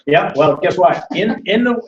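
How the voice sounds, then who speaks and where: A high-voiced man hosts a seminar before a live audience. He sounds animated, acts out the voices of the people in his stories and calls on listeners by name. The recording is roomy and distant, with a dull, lo-fi sound. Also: normal speed. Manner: acts out quoted voices in storytelling. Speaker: seminar host. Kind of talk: live financial seminar talk.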